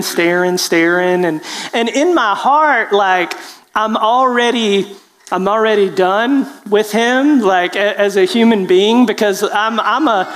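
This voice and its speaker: Preacher telling stories in a hall. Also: male voice, high voice. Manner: animated, self-deprecating, halting restarts. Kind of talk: storytelling testimony.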